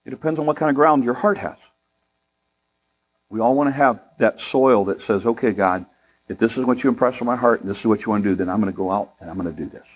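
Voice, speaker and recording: A middle-aged man preaching a sermon in a conversational way, with humorous asides and rising emphasis, turning softer and slower when he prays. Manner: softer, slower and lower in prayer. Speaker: pastor.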